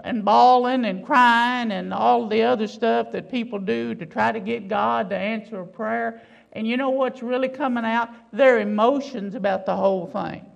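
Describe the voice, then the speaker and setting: Woman preacher, high pitched and gravelly, firing off rhetorical questions in a sermon. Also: dull audio. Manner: emphatic, full of rhetorical questions.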